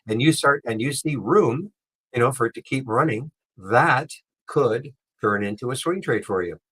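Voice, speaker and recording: A man's voice: medium pitch, a bit bright, slightly rough, poor audio. A man moderating a live trading room, talking about swing trades in a loose, rambling, conversational way. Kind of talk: casual live market commentary.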